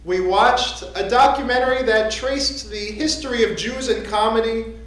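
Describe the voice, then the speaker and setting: A rabbi gives a conversational, joking sermon from the pulpit in a synagogue sanctuary, where the sound echoes. The voice is mid-range and fairly bright, at a moderate pace.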